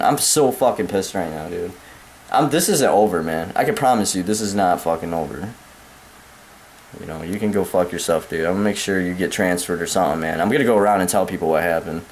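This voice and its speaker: A young American man ranting angrily to camera, profane and repetitive, calling the listener man and dude. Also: on the low side. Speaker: vlogger. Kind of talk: angry rant to camera.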